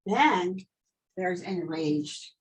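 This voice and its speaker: A woman's voice: on the low side, breathy edge. A woman teacher modeling a vocabulary lesson, acting out feelings in her examples and then explaining her method. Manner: expressive, acts out emotions in examples, slow deliberate delivery. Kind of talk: teacher demonstration.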